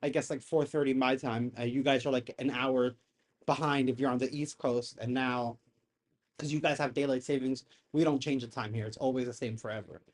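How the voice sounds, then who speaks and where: A man hosting a casual live reaction stream from his home setup, excitable and rambling, swearing as he rants into a desk mic. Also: mid-range voice, a little fast. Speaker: livestream reaction host. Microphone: desk microphone.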